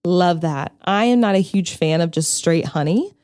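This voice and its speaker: A woman co-hosting a podcast in relaxed, casual chat, joking and firing off curious questions. Her pitch moves a lot. The recording sounds dry and close. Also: moderate pace, dry recording. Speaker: podcast co-host.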